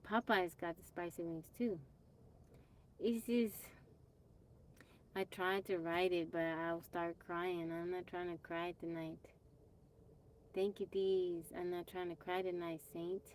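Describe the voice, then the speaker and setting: A woman's voice: on the low side, little pitch movement, takes it slowly, long pauses, a little mellow, a little hiss or hum. A woman from Texas hosting a casual livestream on her phone, chatting with viewers, greeting them by name and brushing off trolls plainly. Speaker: livestream host. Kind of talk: casual live-stream chat. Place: off-grid home.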